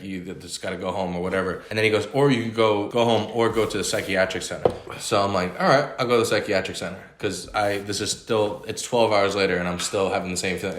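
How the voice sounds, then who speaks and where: A man's voice: lowish voice, fairly bright tone. A young man with a New York accent, a comic telling a long profane story in casual podcast chat. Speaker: podcast host. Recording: echoey room.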